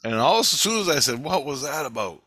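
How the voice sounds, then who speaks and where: A man's voice: medium pitch, very animated, a little fast, bright, forceful tone, breathy edge, dry recording, faint music behind. Profane rambling middle-aged man. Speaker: vlogger. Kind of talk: casual storytelling.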